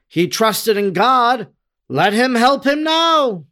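A man's voice: extremely high pitch, big pitch swings, takes it slowly, sharp tone, voice pushed up, full character voice. A man voicing a group of scornful Pharisees who jeer and sneer in a dramatic reading. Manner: jeering, raised and sneering. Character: scornful male Pharisees mocking in chorus.

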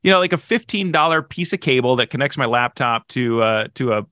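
A middle-aged man telling a story as a podcast guest, animated and self-mocking, with exasperated asides. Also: mid-range voice, fairly quick, dry recording, clean studio sound. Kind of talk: casual storytelling in conversation.

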